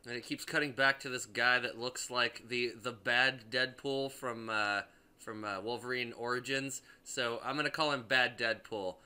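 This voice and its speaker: A young man rambles through a casual movie review, swearing freely and tripping over restarts and fillers. His voice is very bright, with a smooth, clean tone. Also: medium pitch, fairly even intonation, measured pace.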